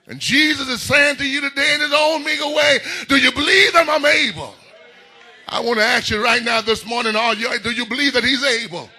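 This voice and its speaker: Husky high preacher guy, bright tense voice, hollers and sings his lines in church. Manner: whooping call-and-response preaching, rising into shouts. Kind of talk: sermon.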